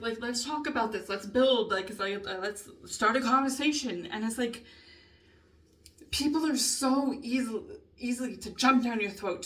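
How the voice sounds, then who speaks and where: Rambling young woman, slightly higher voice. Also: a bit bright. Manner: rambling, filler-heavy, swears, laughs and sighs often. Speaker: vlogger. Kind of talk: casual spoken journal monologue. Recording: voice a bit far from mic.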